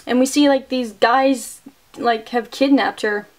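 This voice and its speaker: A woman's voice: on the high side, steady tone, measured pace. A woman reviewing a movie, casually recapping the plot with lots of "like" and "um". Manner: chatty, full of "like" and "um".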